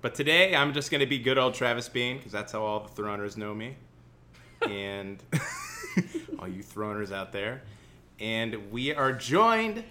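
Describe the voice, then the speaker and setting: A man's voice: on the low side, sharp tone. A man with a Central Illinois accent co-hosting a podcast in casual, rambling chat, joking and laughing often. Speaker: podcast co-host.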